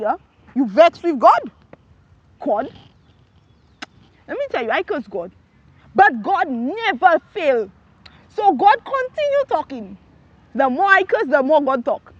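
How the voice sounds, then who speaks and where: A woman preaching her personal testimony, emphatic, with rhetorical questions and bursts of shouting. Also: high-pitched, no room sound, muffled recording. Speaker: testimony speaker.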